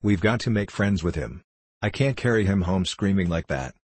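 A man's voice: deep voice, animated, normal speed, a little mellow, breathy edge, no room sound. A man reading a cheeky impudent schoolboy.

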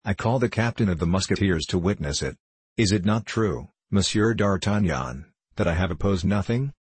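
A man's voice: low voice, lively intonation, normal speed, slightly rough, no room sound. A man reading the part of an anxious master tailor, agitated and pleading.

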